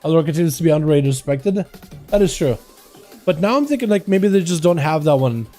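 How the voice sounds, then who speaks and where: A man commentates game duels on a live stream, chatty and excitable as he reacts to the play and greets his chat. His voice sits high but has a mellow, unforced tone. Faint music plays underneath. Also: fast.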